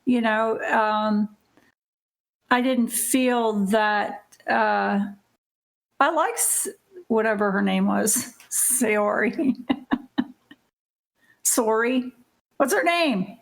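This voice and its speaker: A woman's voice: on the high side, drawn-out words, creaky, long pauses. A woman co-hosting a casual podcast chat, talking hesitantly with many fillers and restarts. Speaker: podcast co-host.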